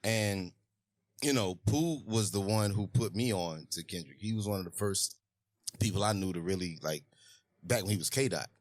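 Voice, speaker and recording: Low-pitched male guest, dry close sound, candid and profane, laid-back chat. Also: normal speed, no room sound. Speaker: rapper and TV writer guest. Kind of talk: casual interview chat.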